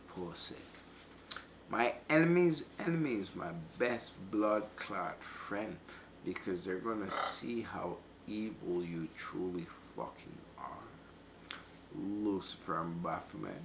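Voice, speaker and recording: Brief: man, taunting preacher rant, slow delivery, noisy surroundings. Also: deep voice, animated. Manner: boastful, taunting, swearing. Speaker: self-styled preacher vlogger. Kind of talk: profane confrontational rant. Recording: noisy background ambience.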